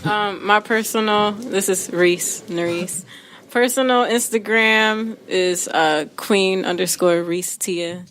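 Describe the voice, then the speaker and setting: A woman's voice: medium pitch, slow, fairly bright tone, a little hiss or hum. A woman guest on a podcast, plainly reading out her social media handles. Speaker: guest artist. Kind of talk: casual podcast chat.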